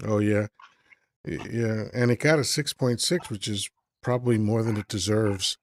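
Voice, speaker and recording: A man's voice: on the low side, moderate pace, a little hiss or hum. A man hosting a live call-in stream, chatting casually and rambling as he thinks aloud with lots of fillers. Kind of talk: casual chat.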